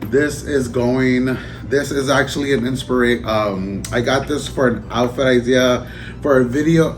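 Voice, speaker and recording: A man in a casual unboxing vlog who talks in an emotional, halting way, choking up and trailing off. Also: mid-range voice, a little hiss or hum. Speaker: vlogger. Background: music.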